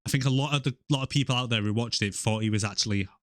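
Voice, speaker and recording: A British man co-hosting a movie podcast, loose and jokey, laughing easily as he chats. His voice sits in a middle pitch, recorded dry and close with no room sound. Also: very fast, fairly bright tone, no echo. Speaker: podcast co-host. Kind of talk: casual movie review chat.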